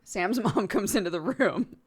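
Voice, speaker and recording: A woman's voice: medium pitch, lively intonation, unhurried, slightly rough. A young woman who hosts a stream, telling a story casually and animatedly, filling her talk with "like" and laughs. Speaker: streamer host.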